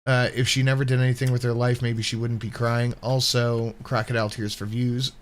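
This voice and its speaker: A man's voice: mid-range voice, little pitch movement, a little fast. A man in his fifties co-hosting a show, casual, crude and joking, laughing often. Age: 50s. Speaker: podcast co-host. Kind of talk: casual commentary.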